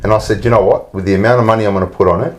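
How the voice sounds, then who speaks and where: An Australian shop owner guesting on a podcast, joking and boasting in casual banter. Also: male voice, fairly low pitch, steady tone. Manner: quick, jokey, boastful.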